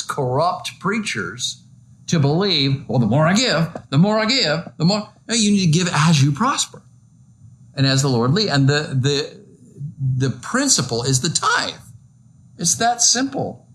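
A man's voice: fairly high pitch, a bit bright, slight background noise. A male pastor giving a conversational, joking sermon full of rhetorical questions to his listeners.

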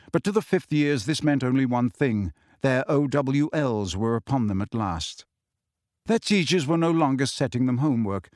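A man narrating an audiobook in a measured storytelling manner. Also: mid-range voice, dry recording, clean studio sound. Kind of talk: scripted narration.

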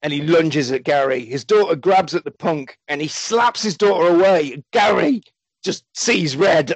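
A man with a notably high voice tells a film's plot in a lively, jokey way, swearing freely as he goes. His casual comedic recap is delivered close to the mic, dry and without room sound. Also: a little slow, no echo, poor audio. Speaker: podcast host recapping a film.

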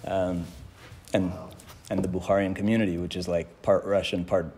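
In a low, darkish voice with a flat delivery and normal speed, a Canadian man gives a casual religious lecture with storytelling. He chuckles a lot and quotes Hebrew verses, and there's a little hiss or hum in the recording.

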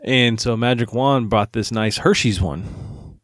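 A man's voice: medium pitch, a little slow, a bit bright, no echo, studio quality. A man co-hosting a podcast in casual chat, telling stories in a loose, rambling way. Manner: rambling, with restarts and fillers. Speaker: podcast co-host.

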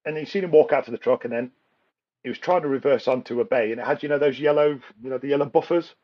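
A man hosting a casual podcast chat, telling animated stories, acting out other drivers and laughing often. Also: medium pitch, quick pace, lo-fi sound. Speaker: podcast host.

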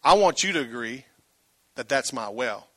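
A man's voice: mid-range voice, animated, moderate pace, dry recording, voice pushed down, lightly acted. A man voicing an ancient patriarch who states his claim firmly, in his own preaching voice. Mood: assertive. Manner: firm and assertive. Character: ancient male patriarch, assertive and calm.

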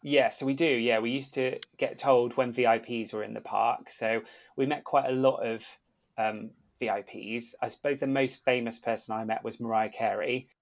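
A man recounts a story in a relaxed podcast chat. His voice sits in an ordinary middle range, and he livens things up by acting out the people in his tales. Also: mid-range voice, normal speed. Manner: animated storyteller, acts out quoted voices. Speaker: podcast guest, former theme park worker.

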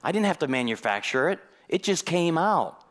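Animated man preaching a sermon. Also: on the high side, moderate pace. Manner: lively storytelling sermon, acting out conversations. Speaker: guest preacher.

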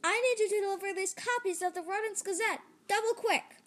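A woman voicing an upbeat, bossy female mouse who gives brisk orders and drawls her endearments. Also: very high voice, a bit bright, voice pushed up.

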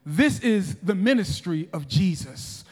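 A man in his forties delivers a sermon in a fairly high voice, pressing his points with repeated restarts and calls to the congregation. His words ring out with a long reverb through a large church sanctuary. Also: big pitch swings, takes it slowly, a little mellow, soft background music. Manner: emphatic preaching with repeated restarts and audience calls. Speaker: pastor.

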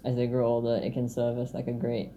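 A woman with a very deep, dark, mellow voice chats about films in a relaxed, easygoing way and laughs easily. Faint background noise runs under her. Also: quick pace. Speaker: podcast co-host. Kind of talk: casual chat reviewing films.

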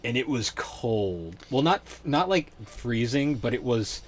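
A man's voice: mid-range voice, sing-song, measured pace, slight background noise. A young man hosting a podcast in laid-back, rambling casual chat. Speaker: podcast host.

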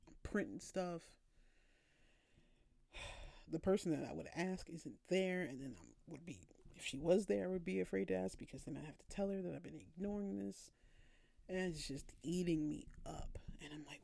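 A woman hosting her own podcast, telling a candid, rambling story and questioning herself out loud. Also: low voice, normal speed, vocal fry, long pauses, no echo. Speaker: podcast host. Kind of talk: casual solo storytelling.

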